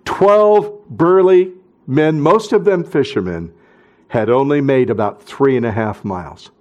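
A male pastor preaching a sermon, swinging from loud emphatic bursts down to hushed, near-whispered phrases. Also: medium pitch, animated, measured pace, dull audio.

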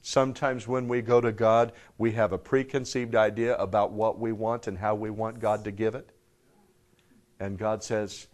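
A man preaching a sermon to a live congregation, firing off rhetorical questions and swinging between loud emphatic bursts and hushed low tones. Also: flat delivery, normal speed. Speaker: pastor.

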